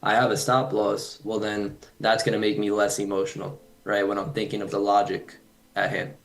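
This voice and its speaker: A man's voice: on the low side, completely flat delivery, moderate pace, vocal fry. A man co-hosting a trading stream who explains things step by step with examples, often adding "right". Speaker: trading livestream co-host. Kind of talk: casual livestream chat.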